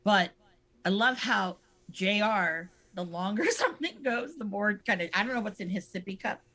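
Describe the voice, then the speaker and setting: A woman talks on a live stream in a mid-pitched, everyday voice. She chats in an easygoing way, agrees often and laughs as she tells her stories. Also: expressive, moderate pace, bright, forceful tone. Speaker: podcast co-host. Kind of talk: casual chat.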